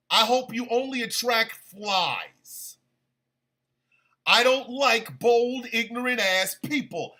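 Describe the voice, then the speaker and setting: A man's voice: sits high, sharp tone. A man hosting a stream radio show, delivering a heated, profane and sarcastic political rant.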